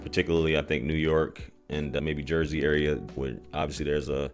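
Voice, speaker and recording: A man's voice: very deep voice, flat delivery, brisk. A man from the United States hosting casual commentary on clips, musing and thinking aloud with asides. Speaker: host commentator. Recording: faint music behind.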